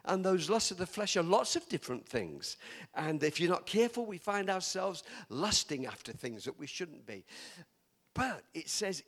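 A man's voice: high voice, a bit bright, breathy edge. An older man from England, preaching a chatty sermon full of stories, laughing often and teasing his listeners.

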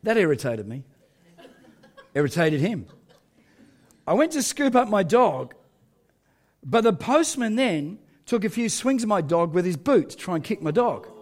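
Aussie pastor guy, high animated voice, laughing at himself while he tells the story. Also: unhurried, pauses often. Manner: animated, self-mocking, laughs through the story. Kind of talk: storytelling sermon.

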